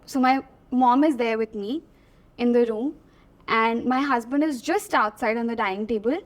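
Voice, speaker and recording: A young woman with an Indian English accent, telling her story as an interview guest, animated and laughing often, slipping between Hindi and English. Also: a little high, moderate pace.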